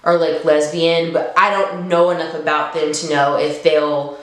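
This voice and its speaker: A woman giving a casual book review on her vlog, chatty and laughing often, her voice jumping up when she gets excited. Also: low voice, measured pace. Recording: very echoey room.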